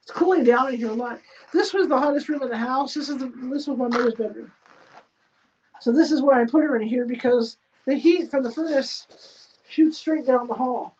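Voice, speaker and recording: This livestream host has a fairly high, darkish voice and a moderate pace with frequent pauses. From her spare-bedroom studio she gives a casual running commentary on her crafting, half-muttering along the way, in a dull lo-fi recording with faint noise.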